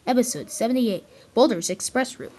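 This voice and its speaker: A woman's voice: on the high side, expressive, fairly quick, darkish tone. Woman narrating a toy-train story. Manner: casual, with slips and restarts.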